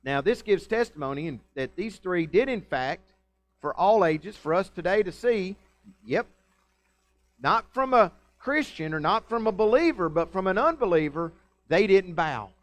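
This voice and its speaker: A man preaches a sermon in a church. He is conversational and folksy, and he keeps checking in with his listeners. His voice sits slightly high for a man. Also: animated, moderate pace. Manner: conversational, folksy, asks the congregation questions. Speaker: pastor. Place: church sanctuary.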